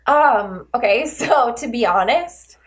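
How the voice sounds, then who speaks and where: A woman in her thirties co-hosting a relaxed chat podcast. Her slightly high voice swoops through a lively range, and she breaks into giggles often. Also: slow pace. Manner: giggly, animated, laughs often. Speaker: podcast co-host. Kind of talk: casual chat.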